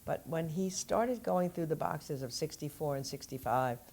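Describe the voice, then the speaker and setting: A woman's voice: deep voice, moderate pace, a little mellow. An older woman, an author being interviewed, who tells stories fluently in conversation and laughs easily. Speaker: author guest.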